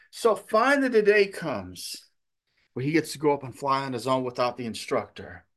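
Casual: pastor guy, fairly high voice, rambly story sermon with lots of uhs. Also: very animated, brisk, fairly bright tone. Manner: conversational storytelling with fillers.

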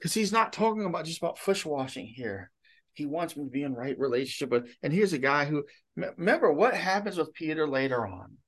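Casual, higher-voiced male pastor preaching. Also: big pitch swings, fairly quick. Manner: casual, rhetorical questions, frequent restarts. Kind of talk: conversational sermon.

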